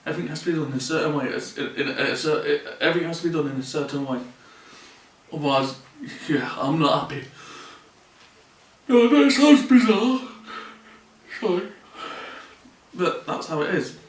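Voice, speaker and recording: A man's voice: a little high, steady tone, fast talker, a bit bright. Man, distant and roomy. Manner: earnest, plainspoken, repeats phrases. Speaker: vlogger. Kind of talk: personal confessional vlog. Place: room in his mother's home. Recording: roomy sound from a distant mic.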